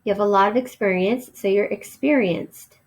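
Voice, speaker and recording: A woman's voice: medium pitch, poor audio. A woman teacher giving a recorded vocabulary lesson, spelling each word letter by letter and explaining its meaning. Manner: slow, spells words letter by letter.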